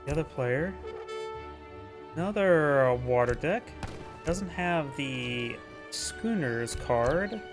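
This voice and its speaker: A man's voice: on the high side, expressive, slow, gravelly, music in the background. A man giving casual, chatty play-by-play commentary on a strategy game match. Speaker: game caster.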